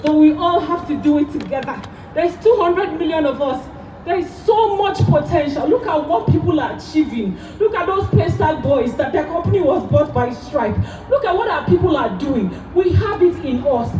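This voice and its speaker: A woman's voice: high voice, expressive, moderate pace, mellow, a little hiss or hum, low-quality recording. A woman in her thirties from Nigeria giving an emotional, rousing speech at an outdoor rally, repeating key phrases. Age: 30s. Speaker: rally speaker.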